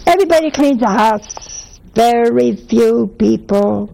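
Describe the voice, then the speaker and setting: A woman with a fairly high, gravelly voice delivers a Catholic spiritual talk. Her tone is mellow and warm rather than bright. She talks conversationally, weaving homespun anecdotes and humor into the sermon. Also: expressive, measured pace, low-quality recording. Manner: folksy, conversational storyteller.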